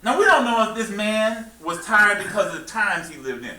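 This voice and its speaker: A man's voice: sits high, big pitch swings, normal speed, sharp tone, distant mic, a little hiss or hum. A man preaching and teaching a small congregation, drawing call-and-response and joking along the way. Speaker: minister. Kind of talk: teaching sermon. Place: worship hall with congregation. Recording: echoey room, taped from afar.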